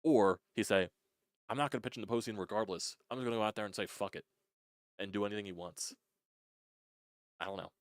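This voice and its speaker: A young sports channel host with a very low voice launches into a loose, frustrated fan rant, swearing and restarting words. He talks fast but leaves long pauses, and the recording is dry and close without room echo.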